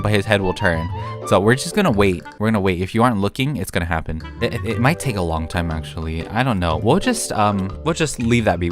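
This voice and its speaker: A man giving casual, rambling gameplay commentary with frequent giggles and fillers. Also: lowish voice. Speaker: gaming video creator. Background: background music.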